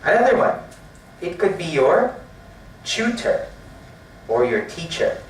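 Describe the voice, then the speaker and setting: A man teaching writing to a class, speaking slowly and often asking if they understand. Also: a little high, sing-song, a little hiss or hum. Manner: slow, repetitive, checks understanding with questions. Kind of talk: classroom lecture. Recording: echoey classroom from far off.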